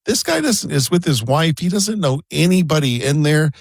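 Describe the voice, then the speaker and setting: A man's voice: on the high side, lively intonation, moderate pace, vocal fry, dry recording. A man co-hosting a talk show, telling chatty, rambling anecdotes full of asides. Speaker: co-host. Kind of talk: casual talk-show storytelling.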